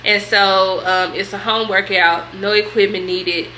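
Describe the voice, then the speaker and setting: A woman's voice: mid-range voice, steady tone, measured pace, bright, forceful tone, roomy sound, slight background noise. A young woman vlogging a candid question-and-answer session, chatty and slangy. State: tearful at times. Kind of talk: candid vlog Q&A.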